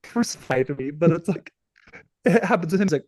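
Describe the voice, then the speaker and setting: A man's voice: a little high, lively intonation, brisk, darkish tone, dry recording. A man co-hosting a podcast, rambling through a casual movie chat with plenty of fillers and acted-out quotes. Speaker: podcast co-host.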